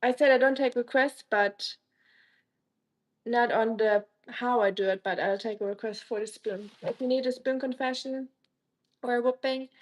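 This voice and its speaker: Cooking on a live stream from her home kitchen, this woman chats easily, calls out viewers by name and cracks teasing jokes. She speaks at a moderate pace in a voice on the high side. The audio is rough, with slight background noise.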